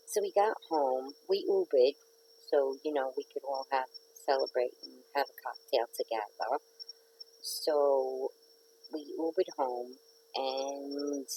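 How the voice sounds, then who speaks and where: A woman's voice: rumbling low, slow, long pauses, dark tone, slight background noise, low-quality recording. A middle-aged woman hosting a casual live stream from home, chatting and rambling to viewers and greeting commenters by name. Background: neighbor's dog barking.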